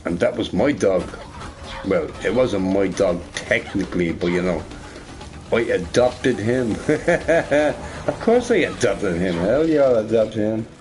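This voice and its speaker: A man's voice: on the low side, expressive, a little slow, a little mellow, slight background noise. A man telling a long, rambling story while playing a video game. He swears freely, repeats himself and keeps adding "you know, right?". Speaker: gamer recording gameplay. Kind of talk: casual storytelling over gameplay.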